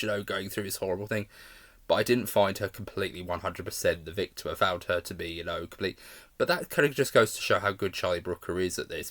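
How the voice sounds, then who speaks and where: Casual male reviewer, slightly low voice, talks in loose restarts. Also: a bit bright. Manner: rambling, frequent restarts and hedging fillers. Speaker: video reviewer.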